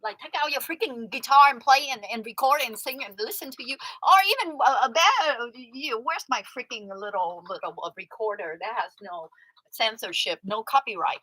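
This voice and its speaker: A woman hosting a livestream, telling a story to her chat in a chatty way that swings from loud outbursts to muttered asides. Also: on the high side, normal speed, breathy edge, no room sound, poor audio. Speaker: livestream host. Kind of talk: casual storytelling to a live chat.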